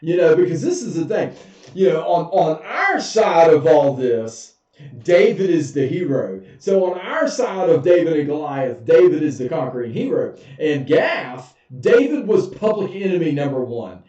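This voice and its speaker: Folksy preacher, echoing from afar. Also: male voice, fairly high pitch, very animated, moderate pace, dark tone. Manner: folksy, humorous, chuckles often. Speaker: pastor. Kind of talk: casual Bible study teaching. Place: church sanctuary. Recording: echoey, dull, far from mic.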